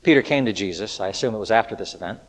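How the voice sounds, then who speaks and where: A man preaching an earnest sermon, with rhetorical questions and shifts between loud appeals and hushed lines. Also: lowish voice, lively intonation, racing. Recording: echoey hall with long reverb.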